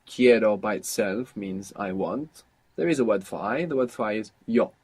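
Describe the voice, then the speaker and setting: A man's voice: lowish voice, moderate pace, a little mellow, breathy edge. A man teaching a language lesson, patiently prompting his students and explaining words step by step.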